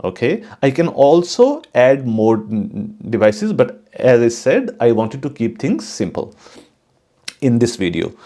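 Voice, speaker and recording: A man hosting his own channel, giving a casual, unhurried tutorial on coding for network engineers, with frequent fillers and restarts. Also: medium pitch, very animated, warm tone. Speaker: channel host teaching network automation.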